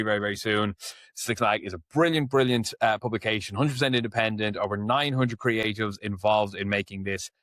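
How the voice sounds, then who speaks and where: A man hosts a podcast in a chatty, loose way, his voice sitting a little low. He often stumbles over and restarts his phrases. The sound is dry and close. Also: fairly bright tone, dry recording. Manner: chatty, restarts phrases, reads sponsor plugs. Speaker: podcast host. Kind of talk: casual podcast chat.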